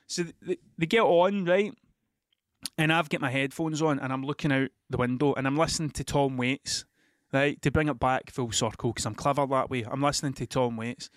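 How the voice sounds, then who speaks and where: A man's voice: on the high side, moderate pace, fairly bright tone, no room sound. A Scottish man with a slightly raised voice rambles through a sweary anecdote, breaking into laughter often. The sound is dry and close, with no room around it. It feels like a casual podcast monologue. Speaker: podcast host.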